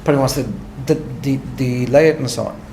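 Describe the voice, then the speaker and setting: A man, a rabbi, giving a conversational lecture, telling a story in an animated way with light laughter at his own asides and frequent restarts. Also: mid-range voice, fast talker, gravelly, reverberant, a little hiss or hum. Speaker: rabbi teaching a class.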